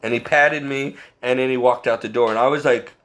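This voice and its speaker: A man with a mid-range voice shares his faith story as a Catholic layman, speaking a little fast and with earnest sincerity. He frequently laughs at his own expense and animates his account with quoted bursts of his own words and others'.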